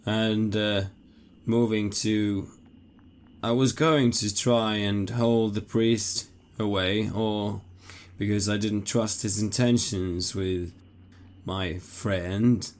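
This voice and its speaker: A man playing a tabletop game, with a low, smooth, resonant voice. He describes his character's actions slowly and hesitantly, with many fillers. His delivery stays flat and even. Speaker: player. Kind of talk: tabletop role-play.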